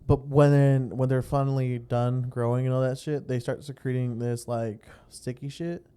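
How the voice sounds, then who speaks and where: A man's voice: mid-range voice, little pitch movement, moderate pace, warm tone, clear, resonant tone. A young man from California co-hosting a podcast, talking in a laid-back, rambling way with lots of fillers and swearing. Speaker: podcast co-host. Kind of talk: casual chat.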